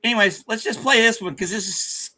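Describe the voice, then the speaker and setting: A man's voice: sits high, brisk, background noise. A man hosting a casual livestream, rambling and joking at his own expense with frequent stammered restarts. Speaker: livestream host.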